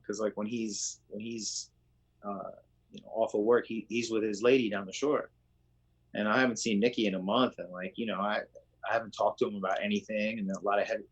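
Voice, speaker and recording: A man's voice: on the low side, breathy edge. A man co-hosting a casual podcast, laid-back and profane, laughing often as he talks. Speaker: podcast co-host. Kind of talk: casual chat.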